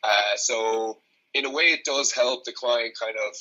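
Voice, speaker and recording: A man's voice: medium pitch, unhurried, bright, forceful tone, lo-fi sound. A young man in his twenties with an Irish accent, a strength coach talking bluntly and frankly as a podcast guest, swearing freely. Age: 20s. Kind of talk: casual podcast conversation.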